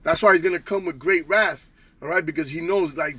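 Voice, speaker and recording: A man's voice: fairly high pitch, a little fast, fairly bright tone, breathy edge, no echo. A man teaching from the Bible in a casual street style, tagging nearly every line with "okay?" and "all right?", slangy and profane.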